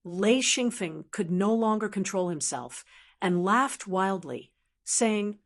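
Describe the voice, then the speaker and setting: A woman narrating a fantasy audiobook in an even, measured storytelling voice. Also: medium pitch.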